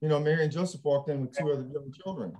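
Animated, higher-voiced male panel host. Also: rapid-fire, dull audio. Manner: animated, laughs while talking, acts out quotes. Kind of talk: casual panel discussion.

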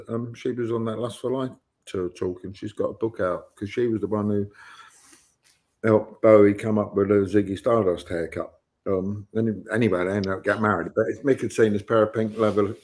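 A man's voice: on the low side, darkish tone. A man, telling rambling anecdotes as a guest on an online interview show and acting out the lines he quotes. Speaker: guest musician.

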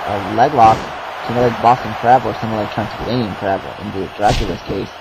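A man giving casual play-by-play commentary on a wrestling game, excitable and swearing, shouting at big moves. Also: lowish voice, fast, heavy background noise.

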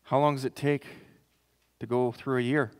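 A man's voice: mid-range voice, level tone, moderate pace, darkish tone. A male pastor delivering a sermon in a mid-range voice. He reads scripture and then talks earnestly with the congregation, his words carrying a long reverb through a church hall. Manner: reads scripture aloud, then speaks in a rising, impassioned tone. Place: church sanctuary.

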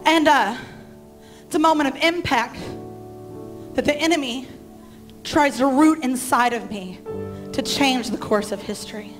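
A woman's voice: high-pitched, measured pace, long pauses, faint music behind. A middle-aged woman pastor telling a personal story in a sermon, acting out the dialogue of the people in it. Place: church sanctuary.

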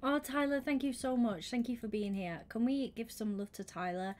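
A young woman livestreaming a game, chatting with her viewers and thinking out loud, often slipping into a whisper. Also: on the high side, normal speed. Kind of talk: casual gaming stream chat.

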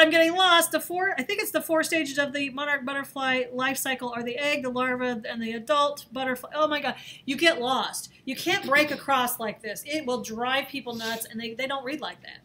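A woman teaching a screen-recorded design software lesson, talking in a chatty, playful way and laughing at herself as she works. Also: sits high, moderate pace. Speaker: design instructor. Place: office or classroom.

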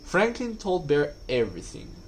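A man reading a children's storybook aloud at a school, calm and clear. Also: on the high side, moderate pace, a little hiss or hum, poor audio. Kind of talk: scripted narration.

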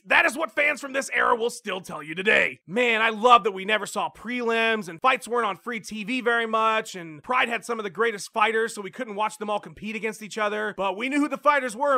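A young American man hosting a comedy show, ranting loudly and profanely in sketch narration. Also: high voice, fairly quick, gravelly, hardly any pauses. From United States. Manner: loud, profane, mock-ranting.

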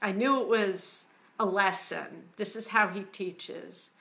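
A woman from the United States telling a personal story slowly and earnestly, getting emotional at times. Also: medium pitch, creaky. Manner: slow, earnest storytelling, quiet and hushed when quoting God. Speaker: author. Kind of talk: personal testimony.

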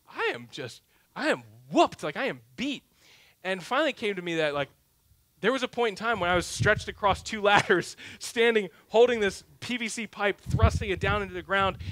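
A thirtysomething pastor preaches in a church sanctuary, sharing a story that pokes fun at himself in a high, bright voice. His delivery shifts from punchy, loud statements to quiet asides, captured in a close, dry recording with minimal room echo.

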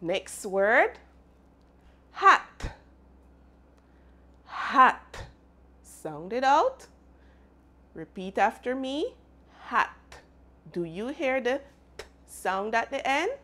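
A woman teaches phonics to young children, speaking very slowly and spelling out each sound. Her pitch swoops up and down in a bright sing-song way as she invites the class to repeat after her. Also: big pitch swings.

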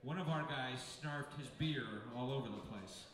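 A man telling a comic story on stage to an audience, with a brisk, profane, punchline-driven delivery. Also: medium pitch, fairly bright tone. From United States. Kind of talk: live comedic storytelling. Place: large venue with live audience. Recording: echoey hall from far off with crowd.

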